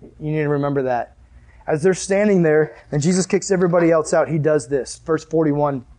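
A man's voice: fairly high pitch, fairly quick, warm tone. A male pastor preaching a sermon in a conversational way, acting out the scenes he tells.

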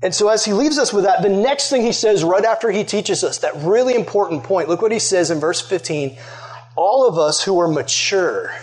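A man's voice: sits high, moderate pace, darkish tone. A young man giving a casual sermon as a youth pastor, chatty and full of "like" fillers, asking his listeners questions. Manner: chatty, loaded with "like" fillers, conversational.

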